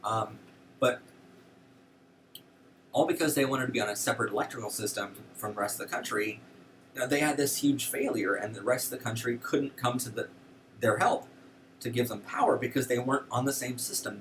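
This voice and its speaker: A man's voice: medium pitch, moderate pace, recorded from a distance, slight background noise. A man hosting a show, giving casual, indignant political commentary with lots of fillers. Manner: animated, indignant, frequent fillers. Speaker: show host.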